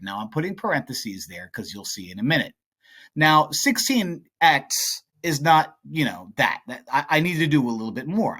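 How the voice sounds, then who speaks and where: A man's voice: on the high side, a bit bright. A man teaching as a math tutor, talking through test problems in a chatty, playful way with jokey asides. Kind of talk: casual tutoring walkthrough.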